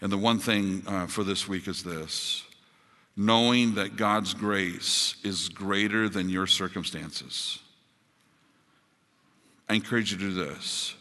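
A man preaching a sermon as pastor, building to emphatic high points and dropping to soft, quiet appeals. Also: steady tone, slow pace, big-room sound. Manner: rises to emphatic peaks, drops to soft closing appeals.

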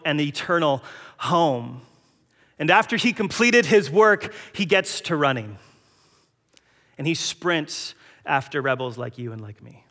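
A man's voice: medium pitch, a bit bright. Preaching man in a reverberant hall. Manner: dramatic storytelling, acting out quoted voices. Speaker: pastor. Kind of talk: sermon.

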